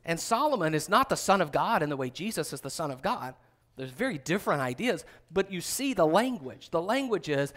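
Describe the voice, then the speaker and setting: A middle-aged man preaching a sermon, reading scripture and acting out quoted voices with big jumps in pitch. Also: big pitch swings, fairly quick, fairly bright tone. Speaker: pastor.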